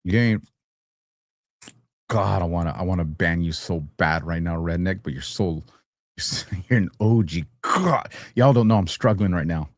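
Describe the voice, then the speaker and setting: A man's voice: deep voice, normal speed, dry recording, clean studio sound. A man hosting a livestream show, talking casually and animatedly, teasing his chat and laughing often. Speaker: host.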